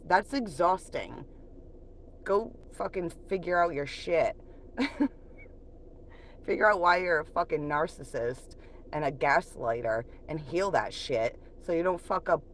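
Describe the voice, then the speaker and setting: A woman's voice: on the low side, slight background noise. A woman hosting a livestream, venting bluntly and profanely about an ex and often laughing. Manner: reflective when talking about moving on. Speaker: livestream host. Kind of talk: casual live-stream venting.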